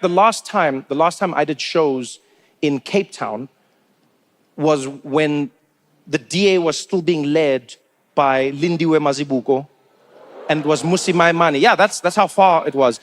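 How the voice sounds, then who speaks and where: A South African man doing stand-up comedy with a fairly high voice. His accent is South African and his delivery is chatty and animated. He slips into other people's voices to act out his stories.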